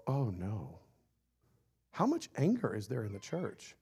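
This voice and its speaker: Playful, animated male preacher. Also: mid-range voice, unhurried, husky. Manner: animated and playful, acting out little scenes, often laughing. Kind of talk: sermon.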